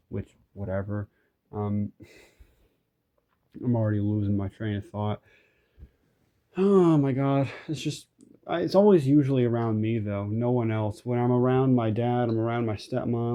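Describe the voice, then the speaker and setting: A young male vlogger with a warm, medium-pitched voice vents in a frustrated, rambling rant. He swears often and keeps restarting his sentences in this ranting recording.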